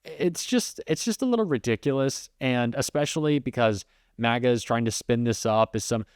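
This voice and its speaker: A man giving casual political reaction commentary in a loose, fast way, with many restarts and fillers. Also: medium pitch, clear, resonant tone, no room sound, studio quality.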